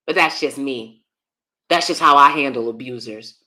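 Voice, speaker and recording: A woman's voice: rumbling low, moderate pace, pushed and bright. A woman hosting live-stream commentary, blunt and emphatic, often repeating herself. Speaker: commentary channel host.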